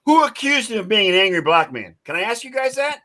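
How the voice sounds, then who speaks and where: A man co-hosting a sports podcast, talking haltingly and restarting his sentences. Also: high voice, big pitch swings, bright, forceful tone. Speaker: podcast co-host. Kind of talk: casual sports banter.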